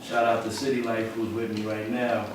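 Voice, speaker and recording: A man, a rapper and activist guest, answering questions in a relaxed, modest way. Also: fairly low pitch, normal speed, very echoey, far from the mic, very noisy. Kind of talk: casual interview.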